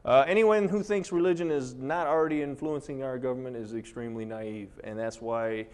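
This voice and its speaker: A man giving a live presentation to an audience, animated and sarcastic, saying he gets fired up and charged up. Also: medium pitch, brisk, clear, resonant tone.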